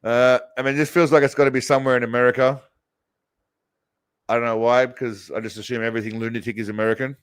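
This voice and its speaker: With a smooth, medium-pitched voice and a flat, quick delivery, a man hosts a casual show reacting to videos. He rambles crudely through his comments and swears a lot.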